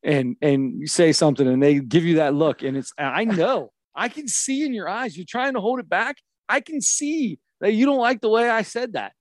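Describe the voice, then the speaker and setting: A man, co-hosting a casual chat, animated and self-mocking, laughing often. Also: high-pitched, moderate pace, few pauses, dry recording, clean studio sound. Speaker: podcast co-host.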